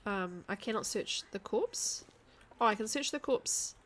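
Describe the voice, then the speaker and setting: A woman streaming a video game, chatting casually with her viewers and thinking out loud as she plays. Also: medium pitch, lively intonation, unhurried. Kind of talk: casual chat while playing a game.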